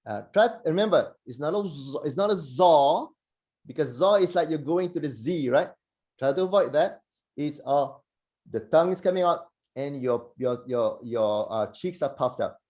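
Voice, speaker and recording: A man teaching Arabic letter pronunciation on a video call, patient and encouraging, slowly demonstrating each sound. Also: a little high, expressive, a little mellow. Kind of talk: online pronunciation lesson.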